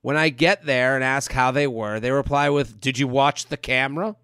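A man's voice: mid-range voice, fairly even intonation, moderate pace, fairly bright tone, smooth, dry recording, clean studio sound. A man hosting a casual comedy podcast, reading listener emails aloud and joking with his guest. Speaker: podcast host.

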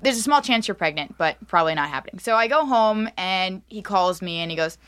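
A woman's voice: medium pitch, lively intonation, brisk, fairly bright tone, clean tone. A woman co-hosting a casual podcast, telling a personal story candidly and laughing now and then. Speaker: podcast co-host. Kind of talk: casual chat.

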